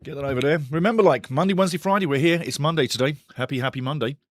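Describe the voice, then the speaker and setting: A man hosting a live football watch-along stream, chatty and excitable as he greets his chat and reads out the lineups. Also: on the high side, racing, dry recording. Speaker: watch-along show host.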